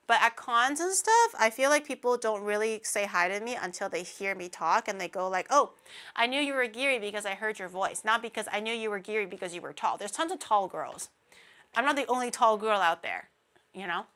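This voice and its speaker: A woman's voice: medium pitch, sharp tone. A young woman streaming, chatting casually with her viewers, laughing often, her voice slightly naggy and whiny. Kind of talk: casual livestream chat with chat readers.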